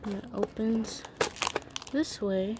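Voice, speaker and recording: A young woman vlogger chatting casually to her viewers as she unboxes a toy, excitable and gasping with delight. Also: medium pitch, slow, heavy background noise.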